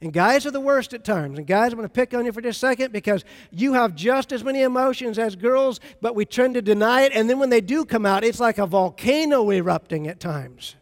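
Man, pastor, sermon, high voice, conversational storytelling, long hall reverb. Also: lively intonation, fairly quick, few pauses.

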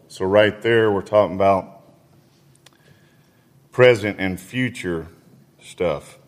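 A man in his fifties preaching a sermon, telling folksy personal stories in an unhurried way and reading scripture. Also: lowish voice. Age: 50s.

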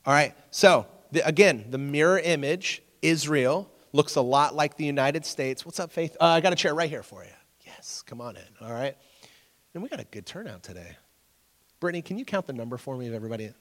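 A man's voice: on the high side, expressive, brisk. A man, preaching a casual, conversational sermon, asking his audience questions and joking with them. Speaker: pastor. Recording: long hall reverb.

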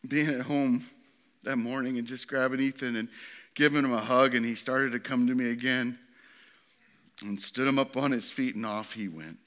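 A man in his thirties preaching a sermon, swinging from high, impassioned appeals to quiet, tender readings. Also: fairly even intonation, moderate pace. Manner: impassioned preaching, voice rising high then dropping soft. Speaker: pastor.

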